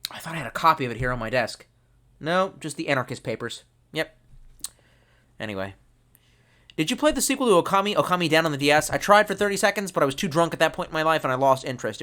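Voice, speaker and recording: Tipsy home streamer who rambles and swears freely; bright, forward tone. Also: medium pitch. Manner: rambling, profane and loose. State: tipsy from drinking. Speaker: livestream host reading chat. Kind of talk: casual rambling live chat. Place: at home at a desk.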